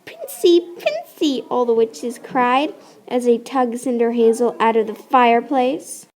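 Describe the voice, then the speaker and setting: A woman reading a children's story aloud with expressive, playful narration and sound effects. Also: a little high, measured pace. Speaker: storybook reader.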